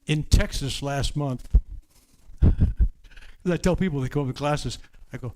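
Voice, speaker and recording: An older reverend leading a healing service, rambling through anecdotes with stumbling restarts and dropping to a hushed murmur for healing prompts. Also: male voice, medium pitch, lively intonation, normal speed, pauses often, poor audio. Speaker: faith healer reverend.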